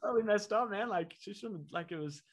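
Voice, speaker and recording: A quick, rapid-fire man with a fairly high voice, guesting on a podcast as a comedian. He tells his story in an animated way and slips into the voices of the people he quotes.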